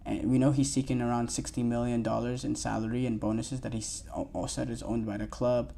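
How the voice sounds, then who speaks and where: A male podcast host talks loosely on his own, piling up fillers and restarts. His voice is gravelly with a warm, dark tone at an ordinary pitch. A faint hiss sits under the recording. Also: little pitch movement, fairly quick. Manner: loose and rambling, many fillers and restarts, reads quotes aloud. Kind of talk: casual solo sports podcast talk.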